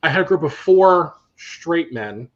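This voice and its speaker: A man, a drag queen co-host, telling sassy, animated anecdotes in casual chat. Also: on the high side, unhurried, dull audio.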